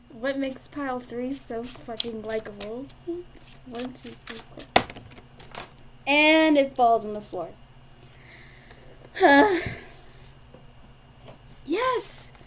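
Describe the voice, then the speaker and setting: Slow-talking, giggly woman tarot reader. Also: high voice, heavy background noise. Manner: giggly, gushing and emotional, swears freely. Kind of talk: casual tarot reading monologue. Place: indoors at a table.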